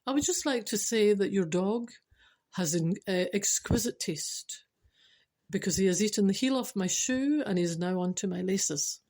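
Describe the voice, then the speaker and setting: Scottish woman doing a nervous young man, strained politeness, husky tone. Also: medium pitch, animated, normal speed, darkish tone. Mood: strained polite.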